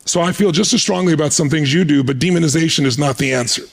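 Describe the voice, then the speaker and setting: Gravelly, animated male storyteller. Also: fairly high pitch, fast. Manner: animated, gravelly, acts out the people in his story. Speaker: motivational speaker. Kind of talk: storytelling anecdote in conversation.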